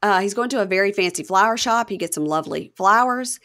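A woman's voice: medium pitch, animated, fast, a bit bright. A woman podcast host chatting casually as she recaps a show, acting out quotes in a raised voice.

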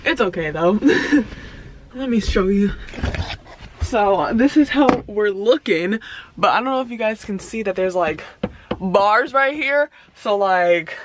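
A woman's voice: medium pitch, expressive, measured pace, slight background noise. A woman in her early twenties chatting casually to her viewers, rambling with lots of fillers while filming herself on a phone inside a parked car. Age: early 20s. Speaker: vlogger. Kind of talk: casual vlog chat.

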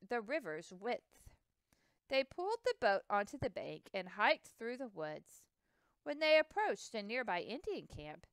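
Woman, storybook read-aloud, expressive, animated pitch, crisp resonant voice. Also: no room sound. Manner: expressive reading with occasional slips and restarts. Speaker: reader.

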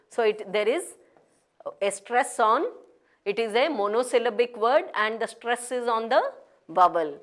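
Slow, deliberate woman teacher. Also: mid-range voice. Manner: spells words letter by letter, repeats words with deliberate emphasis. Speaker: English pronunciation teacher. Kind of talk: slow classroom pronunciation lesson.

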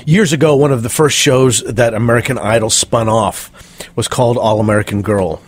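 A man's voice: medium pitch, moderate pace, breathy edge, no echo. A middle-aged man, a performance coach, telling stories in an interview and acting out the people he quotes. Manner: animated storyteller acting out quoted voices. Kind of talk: interview storytelling.

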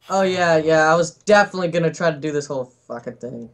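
A man's voice: on the high side, lively intonation, quick pace, fairly bright tone. Exasperated young male gamer. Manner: exasperated, swears, frequent outbursts. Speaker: let's play host. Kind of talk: casual gameplay commentary.

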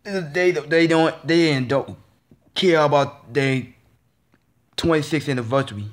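A man's voice: a little high, slow. A man vlogging a frustrated, casual rant, repeating himself and stammering through restarts. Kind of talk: ranting casual monologue.

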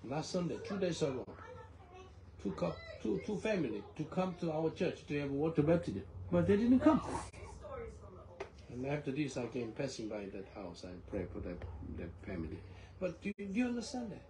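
This male preacher's fairly high voice moves at a moderate pace through a sermon and testimony, heard against a noisy background and congregation responses in an echoey church hall. Animated and quick to laugh, he tells stories in non-native phrasing.

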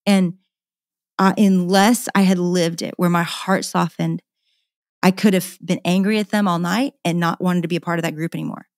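A woman's voice: on the low side, fairly even intonation, normal speed, darkish tone, no room sound, studio quality. A middle-aged woman, a podcast guest, candidly telling a personal story in an earnest, passionate way and often repeating words.

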